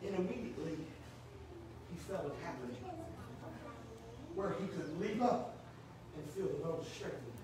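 A man preaching a sermon in a church, rising to shouts and dropping low. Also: animated, measured pace, pauses often, noisy background. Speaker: pastor. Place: church sanctuary. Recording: echoey church room from far off.

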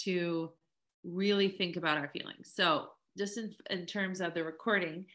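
A woman's voice: lowish voice, sharp tone. A middle-aged woman leading a coaching webinar in a chatty, upbeat way, full of fillers and little acted-out quotes. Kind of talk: casual teaching talk.

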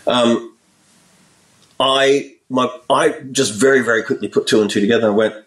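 A man in his forties, a guest musician telling stories in a casual interview, animated and acting out the people in his anecdotes. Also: mid-range voice, normal speed. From Australia. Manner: animated storyteller, acts out voices in his anecdotes. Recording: roomy echo, a little far from the mic.

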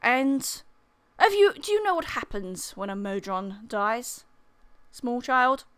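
A woman's voice: fairly high pitch, very animated, slow pace, fairly bright tone, smooth, dry recording, exaggerated voice. A woman playing a polite, probing male knight in a tabletop game who asks questions courteously and a little hesitantly.

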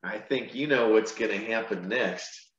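A pastor reads a picture book aloud to children in a slow, unhurried way, pausing for gentle, chatty asides. His voice sits at an ordinary middle pitch for a man. The sound is echoey and a little dull, like a lo-fi recording in a roomy space.

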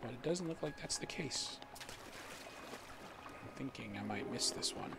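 A man's voice: medium pitch, lively intonation, measured pace, creaky, over loud music. A man casually commenting on his gameplay, joking and talking to himself as he plays. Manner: playful, jokey, talks to himself while playing. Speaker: gaming streamer. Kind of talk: casual let's-play commentary.

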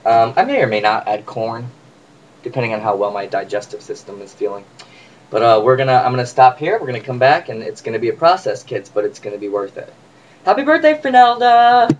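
Recorded on a distant, muffled mic with faint room noise, a home cook vlogger with a fairly low voice rushes through a casual recipe demo. He's chatty and jokes around with his viewers.

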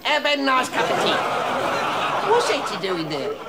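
A man's voice: very high-pitched, huge pitch swings, moderate pace, over a noisy crowd, heavy background noise, full character voice. An actor playing an interfering older father who fussily corrects everything, in a TV comedy sketch. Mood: nagging. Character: interfering older London dad, know-it-all nag. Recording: TV sketch with loud studio audience laughter.

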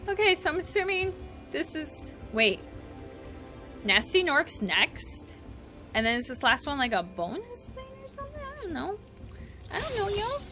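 A woman in her twenties giving gaming commentary as a let's play host, exasperated and repeating herself in rapid bursts. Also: very high voice, big pitch swings, over music.

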